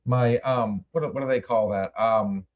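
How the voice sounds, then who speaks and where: A man's voice: mid-range voice, normal speed, dull audio. A man hosting a podcast, telling a story in casual chat with rambling restarts and free swearing. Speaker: podcast host.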